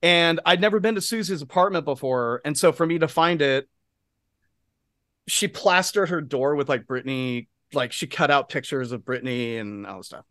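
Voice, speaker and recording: A male podcast co-host telling a rambling, lively anecdote in casual chat, full of asides and swearing, on a studio mic. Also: fairly high pitch, moderate pace, dry recording.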